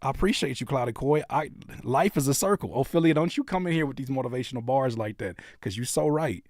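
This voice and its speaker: An animated man hosting a live music reaction stream, his voice swinging widely up and down as he jokes and riffs. He repeats phrases for emphasis in a casual, conversational way. The sound is dry and close. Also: mid-range voice, quick pace, no echo. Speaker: host reviewing music submissions. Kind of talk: casual livestream reaction chat.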